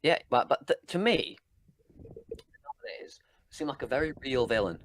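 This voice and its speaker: A man co-hosting a casual podcast review, talking bluntly and swearing freely, sometimes acting out scenes in quick voices. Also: mid-range voice, big pitch swings, a little hiss or hum. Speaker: podcast co-host. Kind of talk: casual chat, episode review.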